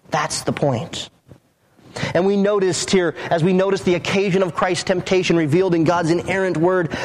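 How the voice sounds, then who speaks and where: A male pastor preaching a sermon emphatically, slowing and dropping low on key phrases, with occasional restarts. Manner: emphatic, with dramatic drops in pitch and occasional restarts.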